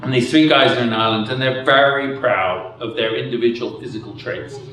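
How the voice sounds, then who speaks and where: A man's voice: medium pitch, brisk, fairly bright tone, distant mic, slight background noise. Rambling middle-aged man in an echoey hall. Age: 50s. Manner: rambling, self-deprecating, chuckling. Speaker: keynote speaker. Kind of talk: after-dinner keynote speech. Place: indoor dinner hall.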